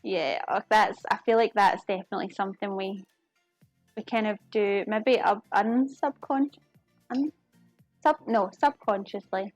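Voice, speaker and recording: A cooking streamer from the United Kingdom talks to her viewers as she works in her home kitchen, chatty and giggly. Her voice sits in the mid range, and the sound is close and dry with no room sound.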